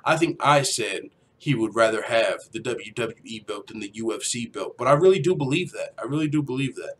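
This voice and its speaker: A man's voice: medium pitch, lively intonation, brisk, a little hiss or hum. A young man hosting a casual MMA livestream, rambling and profane, reading out chat comments. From grew up in a Mexican neighborhood. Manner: rambling, profane, slangy, with mock voices.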